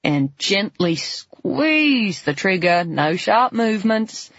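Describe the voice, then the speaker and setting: A brisk shooting instructor gives orders in a measured, deadpan way, as a male narrator voices him. The voice is a little husky, and the recording is dull and dry. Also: high voice, no echo, heavily acted. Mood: instructing.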